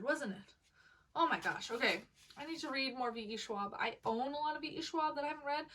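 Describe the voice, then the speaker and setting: A woman chatting to camera as a book vlogger, gushing and excitable, talking in a loose way with lots of fillers. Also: high voice, a little fast, recorded from a distance, slight background noise, rough recording. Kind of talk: casual chat to camera.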